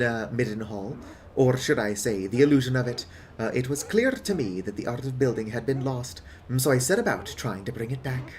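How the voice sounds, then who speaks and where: A man voicing a hairy old male hermit builder as he reads game dialogue aloud, with soft "mm" and "uh" fillers. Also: mid-range voice, a little hiss or hum, close to an everyday voice. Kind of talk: reading game text aloud.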